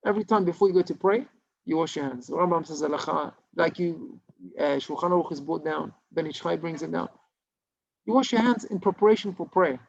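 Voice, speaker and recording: A man's voice: a little high, fairly quick, vocal fry. A man, a rabbi, telling a story in an informal Torah class, with many restarts and Hebrew terms. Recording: dull lo-fi recording.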